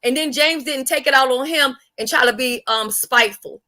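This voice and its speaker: High bright-voiced woman hosting a livestream. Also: moderate pace. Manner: blunt, profane, animated. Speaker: livestream host. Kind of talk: casual live-stream chat.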